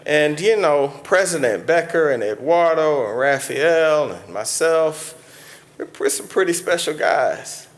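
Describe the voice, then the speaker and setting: A man's voice: on the high side, lively intonation, unhurried. A man, a mayor giving a preacherly banquet speech from a podium that builds to impassioned peaks. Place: large banquet hall with an audience.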